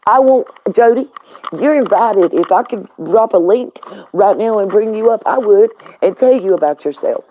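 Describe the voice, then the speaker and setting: Speaking at normal speed in an expressive, mid-range voice, a woman rants furiously on her live stream, swearing and using heated slang as she travels by vehicle. It sounds tinny, like a phone recording.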